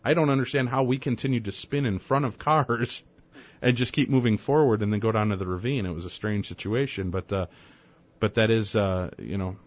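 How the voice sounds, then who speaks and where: Low-voiced radio host telling a story. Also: male voice, fairly quick. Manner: animated storytelling, conversational. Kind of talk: radio talk show. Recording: dull lo-fi radio sound.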